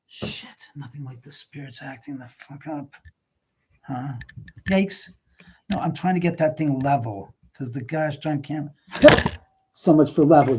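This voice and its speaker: Guy on a live ghost stream in his house, mid-pitched, grumbling and swearing at the spirits, loud one sec then muttering under his breath. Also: breathy edge. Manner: grumbling, cursing to himself, scolding unseen spirits; swings between sudden loud outbursts and whispered mutters. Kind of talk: live stream, casual chat. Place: indoors in his own house, moving between rooms and stairs.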